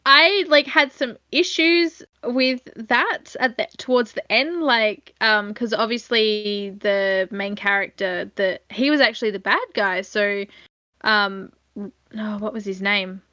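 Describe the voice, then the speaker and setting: A woman's voice: mid-range voice, fairly even intonation, slow, pushed and bright, dry recording, highs cut off. A woman co-hosting a casual film chat, chatty and full of fillers, sharing behind-the-scenes trivia. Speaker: podcast co-host.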